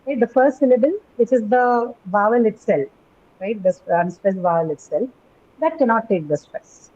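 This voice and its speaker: A woman's voice: a little high, lively intonation, normal speed, darkish tone, lo-fi sound. A woman teaching English pronunciation in a class, explaining patiently and often checking in with "right?". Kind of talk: classroom lecture on word stress.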